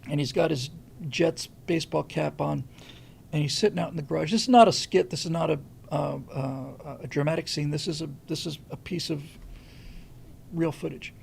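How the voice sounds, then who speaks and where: A show host delivers a casual, rambling commentary monologue and tells a story, frequently restarting and repeating words. His voice is fairly high, gravelly, and a little mellow at normal speed, with slight background noise.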